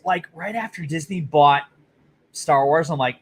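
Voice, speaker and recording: A man's voice: a little high, expressive, brisk. A man co-hosting a casual chat, telling stories in a blunt, profane way. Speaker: podcast co-host.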